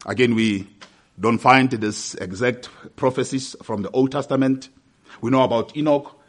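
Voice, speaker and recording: A man preaching a sermon, measured and hesitant at times, growing more forceful as he reads scripture aloud. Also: medium pitch, fairly even intonation. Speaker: pastor.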